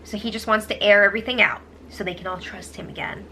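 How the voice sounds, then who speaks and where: A woman's voice: mid-range voice, fairly even intonation, quick pace, vocal fry, pushed and bright, slight background noise. A young woman hosting a casual recap, chatty, with sarcastic, eye-rolling asides. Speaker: host recapping a reality show.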